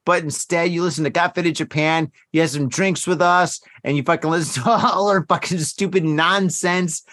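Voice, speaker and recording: Brief: higher-voiced man, dry close sound, foul-mouthed casual podcast host who rambles. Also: steady tone, moderate pace, fairly bright tone, dry recording. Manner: heavily profane, rambling and emphatic. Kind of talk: casual drinking podcast chat.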